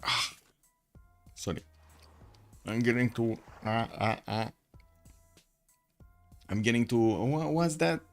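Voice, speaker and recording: Man, mid-pitched voice, live game caster, rambling with fillers, soft music behind. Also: takes it slowly, pauses often. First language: Romanian. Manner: chatty, thinks aloud with many fillers. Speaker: esports caster. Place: home room with the window shut.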